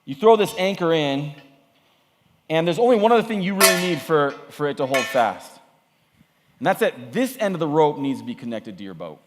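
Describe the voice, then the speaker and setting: A man preaching at a youth camp, energetic and conversational, often repeating himself. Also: a little high, normal speed. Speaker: camp speaker. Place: camp meeting hall. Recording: echoey hall.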